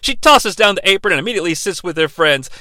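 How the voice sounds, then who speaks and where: A man's voice: high-pitched, expressive, quick pace, bright, forceful tone, no room sound. A man co-hosting a podcast, giving a rambling, sarcastic recap of a TV episode and acting out the characters' lines. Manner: sarcastic, rambling, acts out dialogue. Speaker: podcast co-host.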